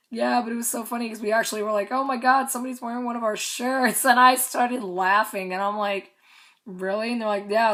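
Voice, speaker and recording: A young woman casually recounting a concert meet and greet, chatty, swearing and laughing often. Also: mid-range voice. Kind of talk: casual storytelling vlog.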